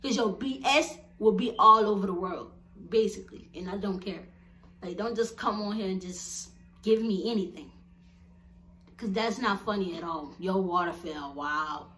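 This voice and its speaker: A young woman vlogger chatting casually to her viewers, animated and blunt, laughing often as she tells stories. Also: mid-range voice, normal speed, a little hiss or hum.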